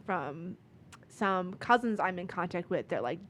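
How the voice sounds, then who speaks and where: A woman's voice: fairly low pitch, expressive, unhurried, fairly bright tone, a little hiss or hum. Twenty-something woman talking casually on a podcast, earnest, lots of likes and ums. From Michigan, USA. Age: 20s. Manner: earnest, many "like" and "um" fillers. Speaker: podcast guest. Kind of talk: casual conversational storytelling.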